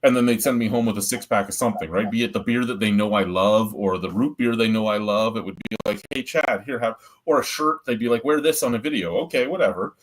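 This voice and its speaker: A man who hosts a beer review show tells stories in casual chat, blunt, profane, and rambling. His voice is on the low side, fast, with few pauses.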